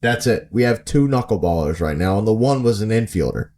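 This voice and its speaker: Excitable man in casual sports banter. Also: fairly low pitch, a little fast. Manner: excitable, laughing, acts out players' reactions. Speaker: podcast co-host.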